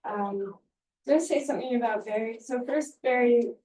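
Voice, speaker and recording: A woman speaking at an academic conference, giving a halting, heartfelt tribute with many fillers, recorded in a lecture room. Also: a little high, dark tone, a little hiss or hum. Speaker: invited speaker. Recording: echoey room, distant mic.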